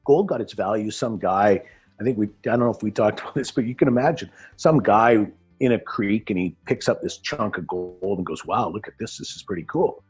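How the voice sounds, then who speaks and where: With a low voice that's a little mellow and has a breathy edge, this man explains Bitcoin mining as a guest at a moderate pace. He tells anecdotes casually, acting out quoted characters and restarting many times. The recording is dull and lo-fi with faint music.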